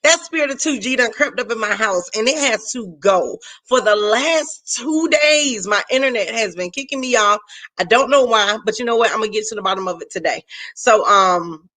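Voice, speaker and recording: A woman's voice: a little high, expressive, moderate pace, bright, forceful tone. A woman hosting a faith-based live stream, chatting casually with viewers and greeting them by name.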